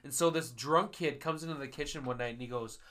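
A man's voice: mid-range voice, fast talker, a bit bright. A man co-hosting a podcast, rambling through stories with lots of laughing and casual swearing. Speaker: podcast co-host. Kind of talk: casual chat.

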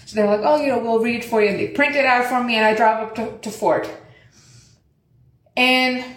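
Profane, animated woman storyteller. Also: on the high side, moderate pace, reverberant. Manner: profane, animated, acts out other people's lines. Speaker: vlogger. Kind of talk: casual storytelling to followers.

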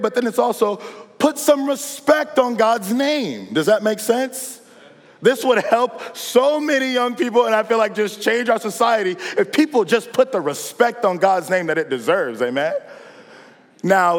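Man preaching a chatty sermon in a hall. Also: high voice. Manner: conversational and humorous, calling for responses. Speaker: pastor. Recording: long reverb in a large hall.

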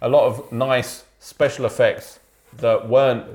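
A man co-hosting a podcast in casual chat, playful and laughing, with halting, restarting phrases. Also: mid-range voice, fairly even intonation, a little mellow. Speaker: podcast co-host.

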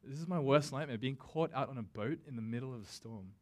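A man's voice: mid-range voice, a little mellow. Conversational man preaching a sermon. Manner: casual and conversational, with self-deprecating asides; acts out scripture quotes with slow, dramatic emphasis. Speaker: pastor.

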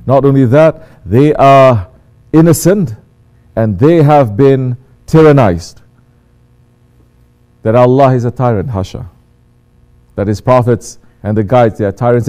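A man giving a sermon as a religious teacher, acting out quoted voices and swinging between hushed and loud delivery. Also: mid-range voice.

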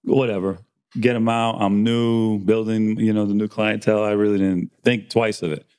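A man's voice: lowish voice, flat delivery, moderate pace, a little mellow, smooth. A man telling a barbershop story in casual chat, acting out the dialogue and swearing freely. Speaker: barber and podcast host.

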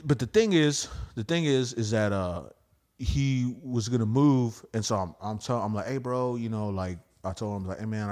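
A man who does stand-up comedy, telling stories as a podcast guest in a loose, profane, slangy way, acting out what others said in lively quoted voices. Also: fairly low pitch. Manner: profane and slangy, peppered with "bro" and "dude". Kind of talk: casual storytelling.

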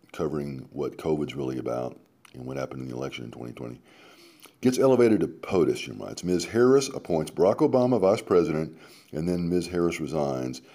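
Low-voiced man reading with sarcastic asides. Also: mellow. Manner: interjects sarcastic asides between quoted passages. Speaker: radio host reading a column aloud. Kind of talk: reading aloud with running commentary.

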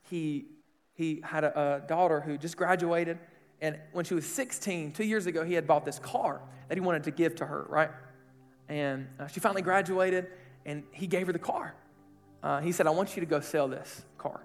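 A man's voice: sits high, a bit bright. A man preaching a sermon to young people, casual and emphatic, with slang and rhetorical questions. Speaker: pastor. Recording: echoey hall, faint music behind.

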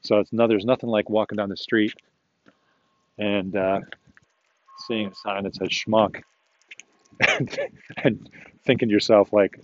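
A man's voice: fairly low pitch, steady tone, unhurried, long pauses, dull audio. A man hosting a podcast, rambling casually to himself and his dog while walking outdoors and chuckling often. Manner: chatty and self-talking, chuckles often. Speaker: podcast host.

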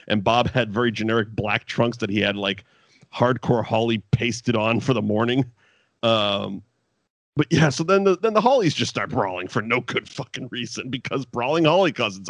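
A man's voice: medium pitch, normal speed, dry recording. A man in a casual podcast chat, telling a wrestling story with lots of swearing and laughter. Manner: profane, laughing, animated storytelling. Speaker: podcast co-host.

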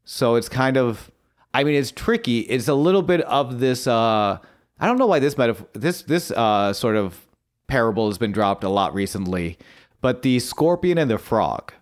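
A man's voice: medium pitch, expressive, normal speed. A man co-hosting a podcast, eagerly recapping a show in casual chat with frequent fillers and restarts. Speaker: podcast co-host.

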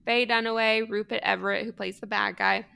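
A woman's voice: medium pitch, level tone, brisk, creaky, bright, forceful tone, smooth. A woman in her thirties co-hosting a podcast, chatting casually and gushing with lots of "like" and giggles. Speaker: podcast co-host. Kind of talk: casual chat.

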